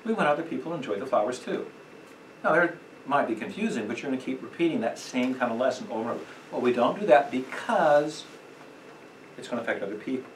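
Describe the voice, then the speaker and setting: An animated man speaking fast at medium pitch leads a church parenting class, conversational and emphatic, frequently chuckling and performing quotes. He's recorded in a church meeting room on a distant room mic, with echo and faint noise.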